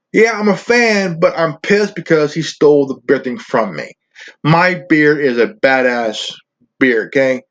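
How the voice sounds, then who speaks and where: In a ranting vlog he hosts on his own channel, a man curses, rambles and stammers in an unhurried, expressive voice that is a little high and fairly bright. The recording sounds dull and lo-fi.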